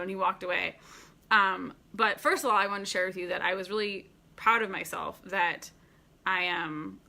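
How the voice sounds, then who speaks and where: A woman in her thirties tells a story to camera with a bright, clear voice at an ordinary pitch. She talks casually and rambles, filling gaps with little fillers and breaking into laughs. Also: brisk. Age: 30s. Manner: chatty, many fillers and restarts; laughs often while talking. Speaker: vlogger.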